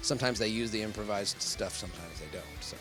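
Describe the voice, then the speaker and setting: A man's voice: fairly low pitch, fast talker, over loud music. A man who works as a professional voice actor, talking in a casual convention interview, rambling and laughing often.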